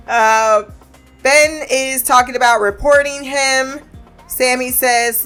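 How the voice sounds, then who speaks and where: A chatty woman with a slightly high voice walks through a TV episode in a casual recap. She swears freely and acts out the characters' lines, often laughing as she goes. Soft music plays faintly underneath. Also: steady tone, slow, clear, resonant tone. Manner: laughs often while retelling.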